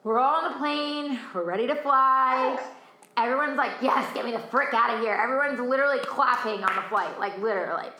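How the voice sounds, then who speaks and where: A young woman recounts a long ordeal in casual chat, exasperated and animated, jumping in to act out what other people said. Her voice sits a little high. The room is echoey. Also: a little fast.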